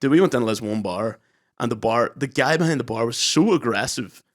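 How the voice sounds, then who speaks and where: A young man in casual podcast chat, rambling through sweary stories at a middle pitch. He slips into the voices of the people in his tales as he goes. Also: lively intonation, brisk. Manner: rambling storyteller, swearing, acting out quotes. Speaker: podcast co-host.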